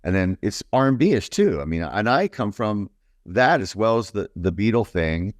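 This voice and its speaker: A baritone man from New York, a guest musician talking in a casual, rambling, enthusiastic way with many fillers. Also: very animated, normal speed, dry recording, studio quality. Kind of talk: casual interview chat.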